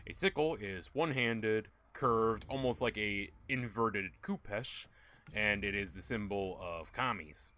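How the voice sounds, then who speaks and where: A man's voice: fairly low pitch, unhurried, bright, forceful tone, slight background noise. A young man giving rambling, joking, profane commentary while playing a video game. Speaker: gaming YouTuber. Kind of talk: casual gameplay commentary.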